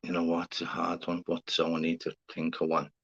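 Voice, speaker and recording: Chatty Scouse man, low voice. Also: completely flat delivery, brisk, vocal fry, slightly rough. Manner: chatty, swears casually, calls viewers mate and fella. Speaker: livestream host. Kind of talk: casual livestream chat with viewers. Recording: slightly dull lo-fi sound.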